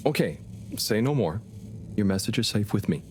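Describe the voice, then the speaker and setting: A man's voice: fairly low pitch, animated, normal speed, a little hiss or hum, natural voice. An actor playing an awkward, polite young male lab intern in a game. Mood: hesitant. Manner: hesitant, polite. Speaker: professor's assistant.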